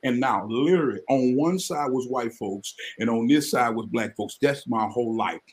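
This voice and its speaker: A man's voice: mid-range voice, moderate pace. Earnest man telling his story. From Mississippi, US. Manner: earnest, animated storytelling with sudden excited rises. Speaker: podcast guest. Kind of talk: personal life story in a live podcast interview.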